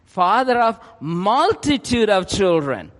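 A man giving voice to God, making slow, emphatic promises. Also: high-pitched, big pitch swings, a bit bright, big-room sound, heavily acted. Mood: solemn. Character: God, a solemn promising divine voice.

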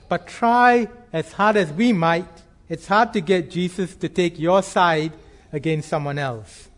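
Male preacher with a fairly high voice, earnest and measured, leaning on key phrases. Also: a bit bright. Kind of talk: sermon.

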